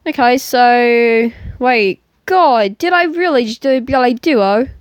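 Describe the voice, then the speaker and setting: A woman with a put-on British accent giving loud, excitable, slang-heavy commentary on a mobile game. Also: a little high, takes it slowly, smooth, dry recording. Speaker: gaming YouTuber.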